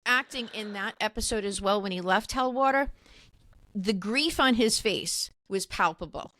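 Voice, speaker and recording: A woman co-hosting a podcast, chatting casually. She talks with open emotion and gushes, her voice mid-pitched and recorded close and dry. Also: moderate pace, pushed and bright, no echo. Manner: emotional, gushing. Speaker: podcast co-host. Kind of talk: casual chat.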